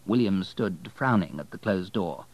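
Man calmly narrating an audiobook. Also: a little slow, poor audio. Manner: low, calm storytelling.

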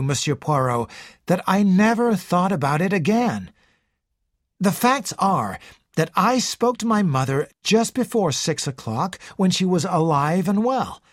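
Brief: reader doing a rattled young man, pitched up high, halting and pleading. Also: dry recording, studio quality. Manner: stammering, pleading. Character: young man, tense and shaken. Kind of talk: audiobook character reading.

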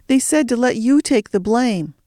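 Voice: medium pitch, lively intonation, normal speed, mellow, no room sound, clean studio sound, pitched above the performer's own voice, close to an everyday voice. A reader voicing a frightened, accusing boy. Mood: urgent. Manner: urgent, accusing. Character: frightened boy telling on the villain.

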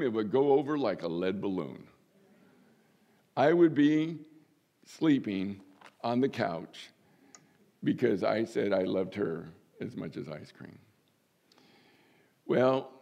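Slow, folksy older male pastor. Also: darkish tone. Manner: slow, folksy and humorous, with sudden lifts in pitch for emphasis. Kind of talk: sermon.

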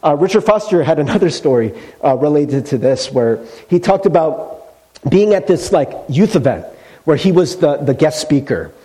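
Animated, soft-toned male pastor. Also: on the high side, normal speed. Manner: conversational, animated storytelling with fillers. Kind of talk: sermon.

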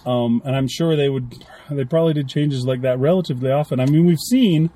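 Chatty man with a mellow voice. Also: mid-range voice, fairly quick. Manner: chatty, rambling, acts out little quotes. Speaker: podcast co-host. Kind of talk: casual chat.

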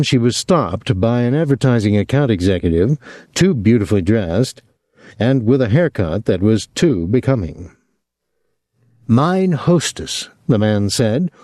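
A man narrating a novel as an audiobook in a measured, expressive storytelling voice, on a close microphone. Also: mid-range voice, no room sound. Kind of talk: scripted narration.

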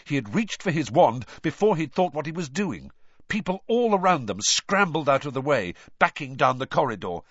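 A man narrating a story aloud with expressive, animated storytelling. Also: a little high, normal speed, slightly rough, no echo. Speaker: audiobook narrator. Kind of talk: scripted narration. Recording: dull dry lo-fi audio.

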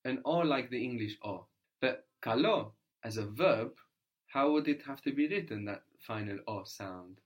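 A man's voice: medium pitch, lively intonation, normal speed. A man teaching a language lesson, patiently prompting his learner with questions and often ending lines with "no?".

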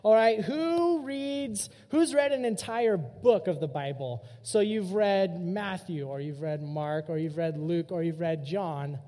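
A young man giving a youth sermon, telling stories in a casual, animated way. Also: high voice, a little slow, hardly any pauses. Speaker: youth pastor. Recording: long hall reverb.

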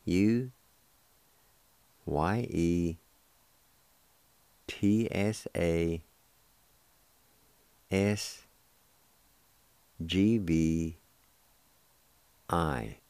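A man hosting a radio language lesson, spelling words letter by letter and repeating each word slowly. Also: sits low, a little mellow, dry recording. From United States. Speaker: language teacher and radio host.

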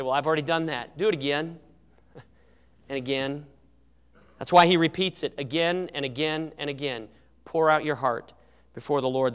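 Guy preaching in church, smooth clear voice, loud then hushed, echo hangs in the hall. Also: a little high. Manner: earnest, rises and drops in volume for emphasis. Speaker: pastor. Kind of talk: sermon. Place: church sanctuary. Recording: church sermon with long hall reverb.

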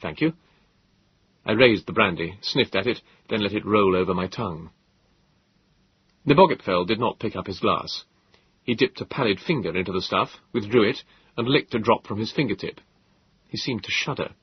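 Husky guy reading a story aloud, lively rise and fall, slightly dull muffled sound. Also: lowish voice, no echo. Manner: measured, expressive storytelling. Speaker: audiobook narrator. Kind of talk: scripted narration.

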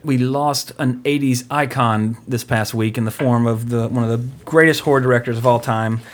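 A man's voice: mid-range voice, steady tone, normal speed. A man hosting a podcast in casual chat, rambling and joking offhand about films. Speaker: podcast host.

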